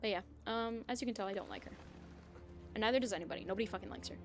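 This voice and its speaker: A young woman in her twenties streams a game, talking rapid-fire in a medium-pitched voice over soft background music. She chats casually while playing, venting, swearing, and using lots of filler words.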